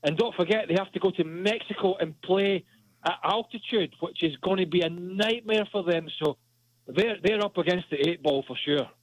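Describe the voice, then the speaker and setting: Man, soccer pundit, blunt, slightly high voice, dry sound. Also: normal speed, dry recording, rough recording. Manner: blunt, opinionated. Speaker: soccer analyst guest. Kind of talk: sports analysis.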